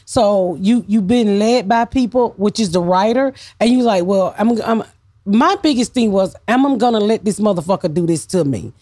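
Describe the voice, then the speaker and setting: A woman comedian from the American South, a guest in a casual chat, talking loudly and bluntly with lots of cursing. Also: medium pitch, moderate pace, no echo, clean studio sound. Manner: loud, profane, animated storytelling.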